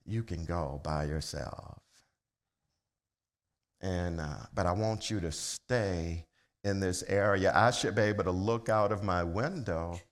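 Slow-talking pastor telling a story. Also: male voice. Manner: builds from low, slow storytelling to loud, excited shouting; humorous, conversational preaching with the congregation. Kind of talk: storytelling sermon. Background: congregation laughter.

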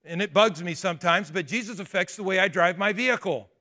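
A pastor preaching a sermon, talking in an emphatic, conversational way and throwing rhetorical questions at the congregation. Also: male voice, sits high, a little fast, pushed and bright. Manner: conversational asides and restarts.

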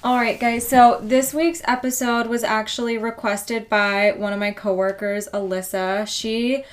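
A woman's voice: on the high side, fairly even intonation, unhurried. A young woman co-hosting a casual podcast, chatty, laughing often and swearing casually. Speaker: podcast co-host. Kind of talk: casual chat.

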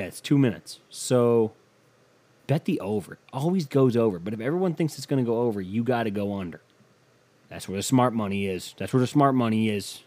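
A man's voice: mid-range voice, darkish tone. A man hosting a casual solo podcast, offhand and profane as he reads betting odds aloud. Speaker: podcast host.

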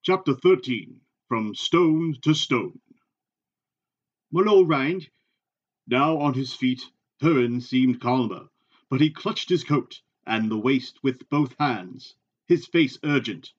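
A man's voice: medium pitch, takes it slowly. Man reading aloud on muffled audio. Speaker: reader.

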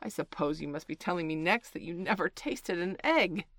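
A woman voicing a shrill, anxious female pigeon who shrieks and scolds with contempt. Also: animated, moderate pace, a bit bright, no echo. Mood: shrill, accusing.

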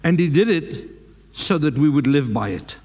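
A man's voice: on the high side, animated, normal speed, darkish tone, slightly rough, big-room sound. A South African man preaching a sermon as pastor, emphatic and dropping in Afrikaans words.

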